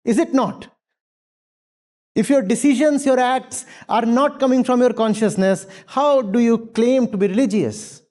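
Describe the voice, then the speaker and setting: A man's voice: very high voice, a little slow, a little mellow. A man speaking as a spiritual teacher to a university audience, emphatic, using rhetorical questions and repetition. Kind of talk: lecture with audience Q&A. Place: university lecture hall.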